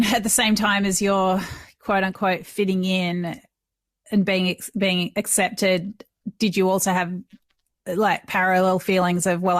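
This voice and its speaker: A woman's voice: lowish voice, dry recording. Curious woman podcast host. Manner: curious, probing questions. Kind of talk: podcast interview.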